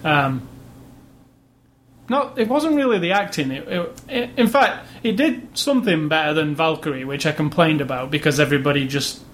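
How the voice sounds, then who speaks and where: Male co-host, higher voice, casual rambling review talk, light hiss behind. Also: expressive, moderate pace, fairly bright tone. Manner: thoughtful, rambling, restarts sentences. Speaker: movie review podcast co-host. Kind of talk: casual chat.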